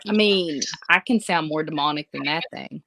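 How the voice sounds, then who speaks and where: Woman psychic guest, bright voice, dry close sound, casual joking chat. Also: deep voice, moderate pace, no room sound, poor audio. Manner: joking, laughs easily.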